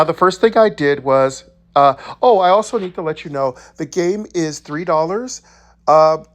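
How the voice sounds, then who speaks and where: A man's voice: on the high side, darkish tone. A man hosting his gaming channel, talking casually and earnestly with many fillers before starting a game. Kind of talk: casual game intro talk.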